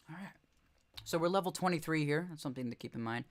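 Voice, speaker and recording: A man's voice: on the high side, quick pace. A young man casually commenting on game footage during a live stream, rambling and correcting himself with chuckling asides.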